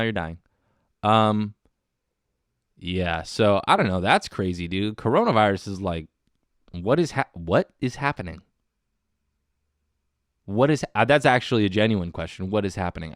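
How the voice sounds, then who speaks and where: A man's voice: low-pitched, clean tone, dry recording, clean studio sound. A man hosting a casual solo comedy podcast, rambling and meandering, with lots of "dude" and "man.". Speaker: podcast host.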